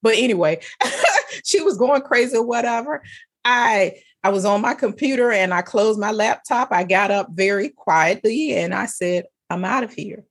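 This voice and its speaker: Animated husky-voiced woman telling stories. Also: moderate pace. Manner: animated storyteller, laughs often, pitch jumps up for emphasis. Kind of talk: casual faith-based conversation.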